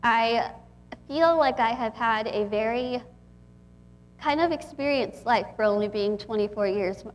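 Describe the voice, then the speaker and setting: A woman's voice: fairly high pitch, measured pace, a little hiss or hum. A woman in her twenties from Texas, giving a chatty, emotional inspirational talk to an audience as a guest speaker. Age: 20s. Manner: chatty, warm and emotional, with frequent laughs.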